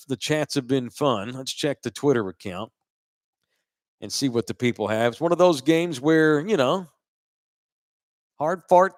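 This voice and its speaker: A man's voice: medium pitch, no room sound, studio quality. A man hosting a college football postgame podcast, blunt and opinionated, swearing freely in casual chat. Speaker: sports podcast host.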